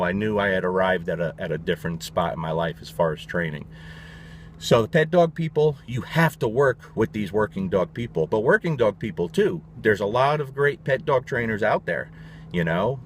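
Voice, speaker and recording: Blunt, animated man, low voice. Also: a little hiss or hum. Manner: animated, blunt and profane, quick restarts. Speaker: dog trainer. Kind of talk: casual storytelling.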